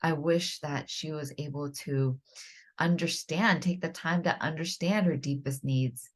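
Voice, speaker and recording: Earnest woman host, low voice. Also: a little slow. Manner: earnest, encouraging, gently instructive; frequent restarts and self-corrections. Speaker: podcast host. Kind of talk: solo podcast teaching.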